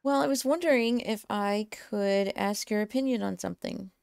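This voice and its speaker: A woman's voice: mid-range voice, normal speed, vocal fry, darkish tone, smooth, dry recording, clean studio sound. A woman playing her character in a tabletop role-playing game, easygoing and with hesitant fillers. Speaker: player.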